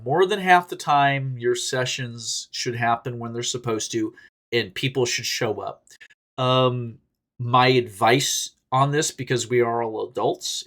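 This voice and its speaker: Casual male podcast host, mid pitch. Candid and rambling, swears freely, laughs often, swings from loud to quiet. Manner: animated, jumps between loud bursts and quiet asides. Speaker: podcast host reading and answering reader stories.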